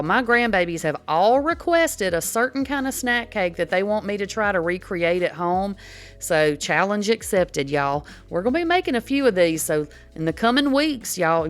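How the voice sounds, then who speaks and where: Chatty older woman cooking. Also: fairly low pitch. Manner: chatty, folksy, says y'all a lot. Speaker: cooking channel host. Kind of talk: casual home cooking demo. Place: home kitchen.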